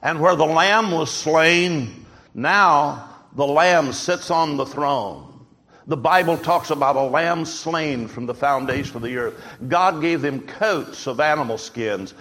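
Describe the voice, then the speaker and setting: A man's voice: a little high, a bit bright. A man preaching a sermon, emphatic and full of rhetorical questions. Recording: long hall reverb.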